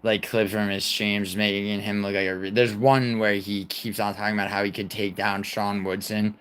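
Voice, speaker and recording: A man's voice: lowish voice, little pitch movement, moderate pace, fairly bright tone, clear, resonant tone. A man in his twenties hosting a livestream, rambling casually and profanely while he answers his chat and apologizes to moderators. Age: 20s. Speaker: livestream host.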